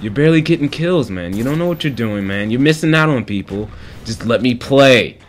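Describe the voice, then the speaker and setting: A man voicing his own cocky, bullying alter ego, taunting in a low growl over gameplay. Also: animated, a little fast, slight background noise, close to an everyday voice. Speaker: video game commentator.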